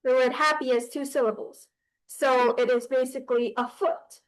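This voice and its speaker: A woman teaching a class about poetry, explaining hesitantly with frequent pauses and restarts. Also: sits high, fairly even intonation, rough recording.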